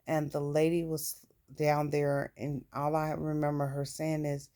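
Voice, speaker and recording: A woman's voice: low-pitched, flat delivery, measured pace, warm tone. A woman recounting her own life story in a candid, plain-spoken way, with casual swearing. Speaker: vlogger. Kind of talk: personal storytelling.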